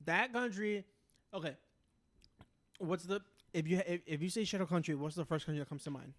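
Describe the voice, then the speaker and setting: A man co-hosting a casual podcast, telling stories in an animated, profane way. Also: a little high, a little fast, no room sound. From United States. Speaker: podcast co-host. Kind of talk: casual chat.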